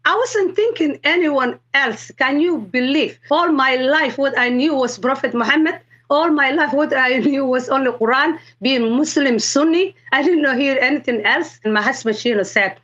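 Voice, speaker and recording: High-voiced excited woman from Somalia. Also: normal speed, lo-fi sound. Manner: animated, excited storytelling with quoted dialogue. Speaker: guest sharing a conversion testimony. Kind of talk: emotional personal testimony.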